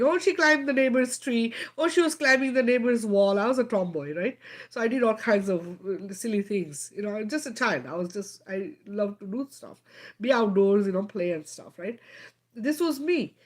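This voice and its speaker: A woman's voice: mid-range voice, a little mellow. A middle-aged woman hosting a live stream, telling a personal story emphatically and often checking in with her listeners. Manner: emphatic, keeps checking in with "right?" and "okay?".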